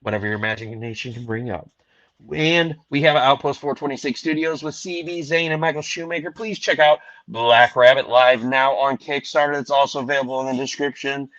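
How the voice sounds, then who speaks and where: A man's voice: medium pitch, fairly quick, no echo, highs cut off. Rowdy, profane man hosting a show. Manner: loud, rowdy, rambling. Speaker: podcast host reading sponsors. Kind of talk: casual profane chat. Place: Missouri.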